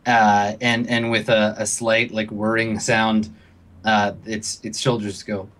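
A man's voice: lowish voice, flat delivery, slow pace, a bit bright. A man running a tabletop game as game master, narrating with many hesitant fillers.

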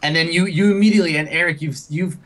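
A man narrating as game master in a tabletop role-playing game, halting often with ums and uhs. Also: on the high side, fairly bright tone.

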